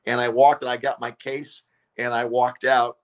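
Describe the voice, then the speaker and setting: A man's voice: medium pitch, normal speed. A comedian telling a story in casual chat, acting out the people he quotes. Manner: animated, acts out quotes. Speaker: comedian guest.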